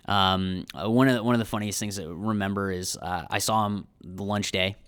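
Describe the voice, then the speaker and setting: A man's voice: lowish voice, fairly even intonation, moderate pace, a bit bright, clear, resonant tone, no room sound. A young man with a Canadian accent, chatting casually as a podcast guest and telling long rambling stories full of fillers and restarts. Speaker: guest, filmmaker.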